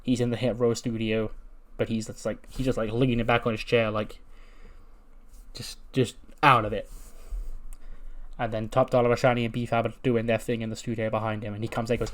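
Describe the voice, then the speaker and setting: A man's voice: medium pitch, level tone, a little fast, long pauses. A man hosting a game playthrough, giving crude, joking casual commentary. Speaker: gaming video host.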